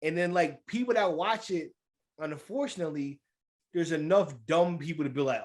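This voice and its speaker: A man co-hosting a podcast in casual chat, an animated storyteller who laughs and acts out the people he quotes, with speech. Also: on the high side, moderate pace. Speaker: podcast co-host.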